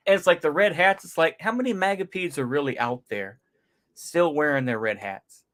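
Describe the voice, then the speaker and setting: A man's voice: on the high side, moderate pace, fairly bright tone. A man giving casual reaction commentary, rambling and slangy, with frequent sighs and chuckles. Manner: slangy, sighing, laughing to himself. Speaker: YouTube commentator.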